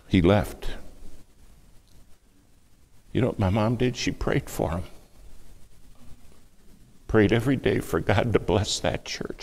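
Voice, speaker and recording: A man preaching a sermon, telling a family story with hushed asides and louder bursts. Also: on the low side, slow pace, gravelly, long pauses. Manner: dramatic storytelling, acts out quoted speech, shifts between hushed and loud.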